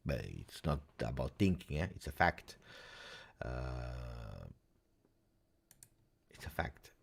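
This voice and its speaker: Guy w a low voice, casual football stream chat, lots of uhs and eh?s. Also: takes it slowly, creaky, slightly rough. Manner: animated, thinks aloud with many uhs and tag questions. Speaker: football live-stream host. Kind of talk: casual live reaction chat reading viewer comments. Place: home streaming setup in Belgium.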